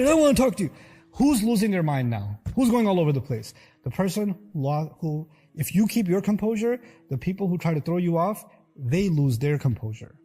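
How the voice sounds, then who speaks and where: A man's voice: fairly high pitch, dark tone, breathy edge. A man giving an earnest, emphatic sermon-style lecture to listeners. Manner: earnest, emphatic, acts out quotes. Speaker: religious lecturer.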